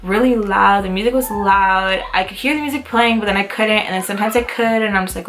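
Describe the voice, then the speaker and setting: A young adult woman vlogger telling a casual storytime, talking in quick bursts full of "like" and acting out what people said. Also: mid-range voice, slight background noise. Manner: animated, full of "like" fillers, acts out quotes. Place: Utah, United States.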